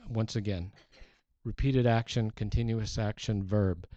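A man's voice: lowish voice, steady tone, a little slow, dark tone, no room sound, highs cut off. A man preaching a sermon, teaching earnestly with emphatic rises and frequent restarts. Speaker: pastor.

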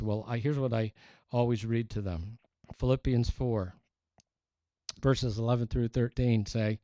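A man's voice: mid-range voice, dark tone, no echo, muffled recording. A man preaching a sermon in an earnest, emphatic way, reading scripture aloud.

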